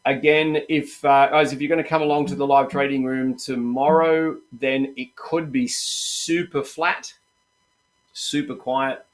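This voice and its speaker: A middle-aged man with an Australian accent leads a live trading-room stream in a relaxed, chatty way. He keeps encouraging his viewers and calls them mate and guys. His voice sits at an average pitch for a man. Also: unhurried.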